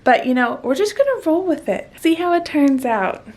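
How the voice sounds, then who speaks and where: A woman's voice: high voice, expressive, normal speed, very noisy. A woman fitness vlogger recording a playful, self-mocking voice-over aside about her own footage.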